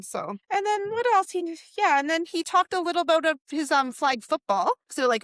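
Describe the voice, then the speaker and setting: A woman co-hosting a sports podcast, talking in an animated, enthusiastic way. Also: extremely high pitch, normal speed, hardly any pauses, dry recording, studio quality. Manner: animated, enthusiastic, quotes people in her own voice. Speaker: podcast co-host. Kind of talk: casual sports chat.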